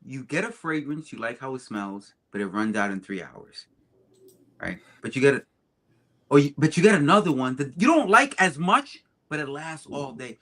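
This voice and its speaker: Bright, high-voiced man, emphatic podcast talk. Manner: emphatic, swings between loud and soft. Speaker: co-host. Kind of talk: casual chat.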